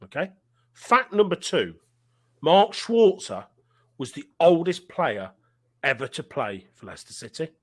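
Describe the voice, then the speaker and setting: A middle-aged man with an English accent and a high voice that swings up and down a lot. He chats casually as a podcast co-host and keeps breaking into laughter mid-story. His delivery is giggly and animated. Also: a little slow, long pauses. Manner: laughs often while telling stories. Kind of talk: casual pub chat.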